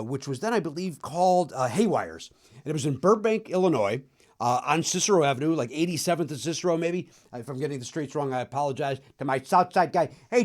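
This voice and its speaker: Middle-aged comic host, lively up-and-down voice, slightly high, rambling self-mocking riffs. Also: male voice. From Chicago area. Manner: self-mocking, riffing, throws in quick silly voices. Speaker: podcast host. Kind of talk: comedic monologue about records.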